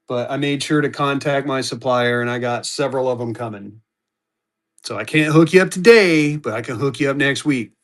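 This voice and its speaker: This live-stream auction host has a mid-range, slightly bright voice. He chats and rambles casually, starts over mid-thought, and speaks straight to viewers, calling them by name.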